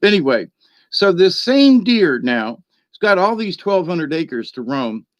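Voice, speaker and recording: A man telling a rambling personal story in a chatty way, laughing often and filling pauses with ums and restarts. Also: sits high, sing-song, no echo. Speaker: spiritual card reader. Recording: dry, dull lo-fi sound.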